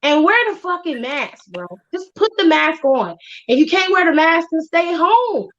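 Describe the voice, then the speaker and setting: A woman's voice: very high voice, sing-song, measured pace, a bit bright. A woman co-hosting a casual chat, talking bluntly and profanely and laughing often. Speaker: podcast co-host. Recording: dull lo-fi sound.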